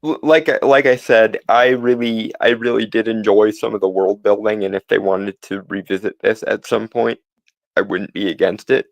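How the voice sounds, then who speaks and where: A man co-hosting a podcast, musing through his opinions in a halting way with many restarts and fillers. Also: lowish voice, steady tone, vocal fry, no room sound. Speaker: podcast co-host. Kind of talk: casual opinion chat.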